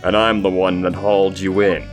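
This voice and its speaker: A man voicing a cool, sardonic male prosecutor who speaks slowly and calmly. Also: low-pitched, soft background music, natural voice. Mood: smug. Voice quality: slow, calm, drawling.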